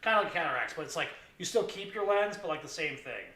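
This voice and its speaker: A man's voice: on the high side, animated, fast, pushed and bright. A man hosting a casual podcast chat, rambling through stories with lots of fillers. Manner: rambling, filler-heavy storytelling. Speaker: podcast host. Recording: echoey room.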